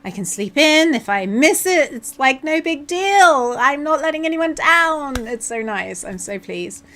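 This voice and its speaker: Southern English woman, coding streamer, playful banter, a touch high, unhurried. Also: animated, fairly bright tone, a little hiss or hum. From England. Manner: playful, chatty, slips into silly voices and jokes. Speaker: software developer streaming her coding. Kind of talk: casual livestream chat.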